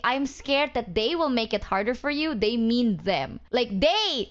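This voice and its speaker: Lady streamer venting, swears a lot, kinda high voice, bit muffled audio. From Indonesia. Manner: heated, profane storytelling. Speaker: VTuber streamer. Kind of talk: casual stream rant.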